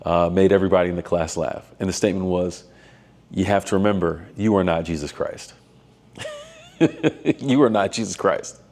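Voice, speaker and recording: Low mellow-voiced man musing on faith. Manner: thoughtful, measured, with frequent fillers and restarts. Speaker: doctoral student and missionary vlogger. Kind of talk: reflective faith talk.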